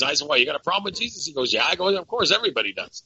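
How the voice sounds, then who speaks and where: Gravelly, bright-voiced fervent preacher man. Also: a little high, expressive, very fast, muffled recording. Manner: fervent, storytelling, repeats words. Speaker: guest. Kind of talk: casual faith talk. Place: Dominican Republic.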